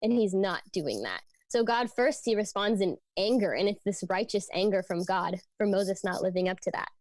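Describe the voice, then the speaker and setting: A woman's voice: medium pitch, expressive, moderate pace, a little mellow, dry recording. A young woman giving a casual youth sermon, teaching from scripture in an earnest, conversational way with lots of "like" and "um". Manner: conversational, frequent fillers like "like" and "um". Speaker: youth ministry speaker.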